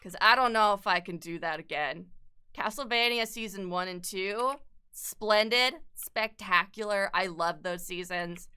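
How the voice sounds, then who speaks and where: A woman's voice: mid-range voice, measured pace, sharp tone, clear, resonant tone. A young woman chatting casually as an art streamer while she sketches, rambling, swearing a lot and laughing often.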